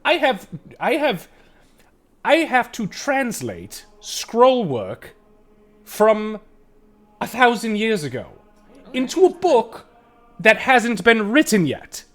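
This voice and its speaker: A man voicing a fussy, hurried male gnome mage with a high stammering voice. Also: huge pitch swings, full character voice. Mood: flustered. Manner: high-pitched, loud, stammering rush.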